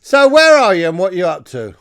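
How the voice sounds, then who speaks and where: A radio host from North Wales, a man with a somewhat high voice, chatting with his guest in a jokey, easygoing way. His voice sounds dry and close, with no room sound. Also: huge pitch swings, fairly quick, smooth, no echo. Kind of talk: radio interview chat.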